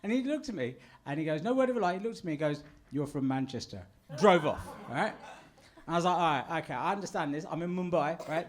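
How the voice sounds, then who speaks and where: Man, comedy host, raised pitch, chatty stand-up delivery, keeps asking "right?".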